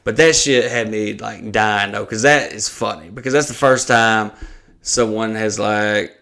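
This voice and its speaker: A man's voice: on the low side, unhurried, pushed and bright. Male podcast host, profane storyteller who mimics the people he quotes. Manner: profane, acts out quoted voices. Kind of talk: casual storytelling chat.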